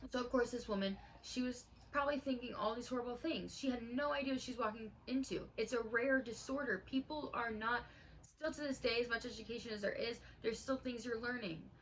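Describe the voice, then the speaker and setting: A woman's voice: on the high side, fairly quick, slight background noise, poor audio. A woman in her late twenties telling a personal story in a casual vlog, earnest and heartfelt, with lots of fillers. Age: late 20s. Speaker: vlogger.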